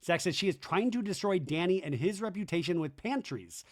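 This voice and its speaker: A man with a slightly raised voice talks straight into a podcast mic, recapping a reality show episode scene by scene. He jumps in and out of playful impressions of the cast. The talk is casual and animated throughout. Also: high-pitched. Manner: animated, acts out cast members' lines in quick put-on voices.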